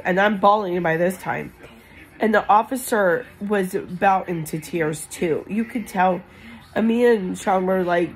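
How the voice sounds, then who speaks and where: A woman's voice: medium pitch, normal speed, slight background noise, poor audio. A woman vlogger telling a personal story in a rambling, emotional way with many fillers. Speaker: crafting channel vlogger.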